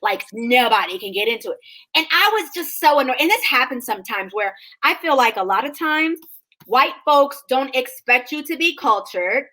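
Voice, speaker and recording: A woman in her thirties co-hosting a podcast, telling an animated, sassy story in casual chat and acting out the people in it. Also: high-pitched, normal speed. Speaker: podcast co-host.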